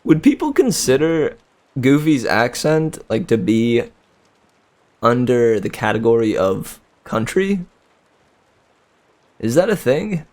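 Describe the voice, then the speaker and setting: A man's voice: medium pitch, big pitch swings, slow, long pauses, a little mellow. A man reading a book on a live stream, breaking off for casual chat with his viewers, musing aloud and chuckling often. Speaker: audiobook reader and streamer.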